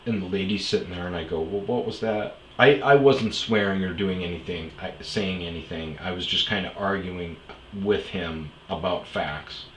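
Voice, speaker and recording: A man's voice: low voice, normal speed, a bit bright. A man hosting a podcast, telling a personal story casually, acting out the dialogue and swearing freely. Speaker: podcast host. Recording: roomy echo, faint background hiss.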